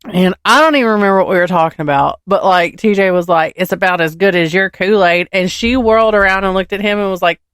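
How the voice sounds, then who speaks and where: A woman's voice: medium pitch, fast talker, smooth, no room sound, studio quality. A woman, co-hosting a casual podcast and telling family stories with acted-out dialogue. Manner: animated storyteller, acts out dialogue; swears casually. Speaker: podcast co-host. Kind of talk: casual chat.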